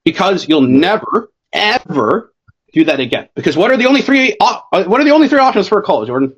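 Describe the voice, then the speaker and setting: Young male sales coach, high and rapid, profane and blunt, dull call audio. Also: husky. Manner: blunt, swears constantly, fast and animated.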